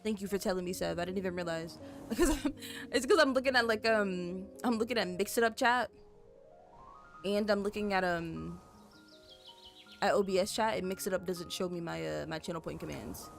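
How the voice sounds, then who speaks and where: A young woman talking casually into a desk mic while she plays, her voice at an ordinary middle pitch. She rambles, circles back, and fills gaps with "like" and soft laughs. Quiet music plays behind her. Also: moderate pace, creaky. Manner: chatty, rambling, many fillers and giggles. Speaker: streamer. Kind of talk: casual rambling game stream chat. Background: faint background music.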